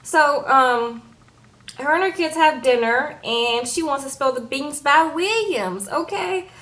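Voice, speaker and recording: A woman's voice: animated, slow pace, a bit bright, low-quality recording. Chatty woman vlogger recapping a show. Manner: chatty, acts out quotes in higher voices, frequent fillers. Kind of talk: casual chat recapping an episode.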